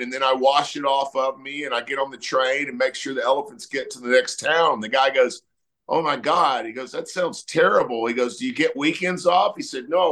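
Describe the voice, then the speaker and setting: A middle-aged man, a musician talking casually in an interview and telling stories loosely with many fillers. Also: medium pitch. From Texas. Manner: relaxed storytelling, many fillers. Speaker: musician guest.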